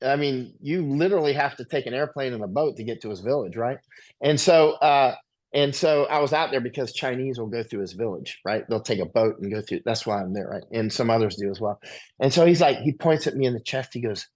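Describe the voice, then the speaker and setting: A man in the guest seat of an interview, rambling from one anecdote to the next with a conversational, mid-range voice. He often adds a quick "right?" as he goes. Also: mid-range voice, darkish tone. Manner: rambling anecdotal, tag questions.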